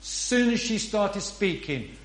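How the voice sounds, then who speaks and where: A man's voice: high voice, animated, slow. A man preaching a sermon in an earnest, emphatic way, often asking rhetorical questions. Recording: roomy echo.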